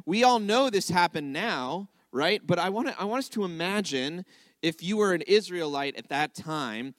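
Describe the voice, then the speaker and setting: A man's voice: high voice, lively intonation, normal speed, a bit bright, no room sound, clean studio sound. Man teaching a chatty sermon. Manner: conversational, checks in with listeners often. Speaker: congregational teacher.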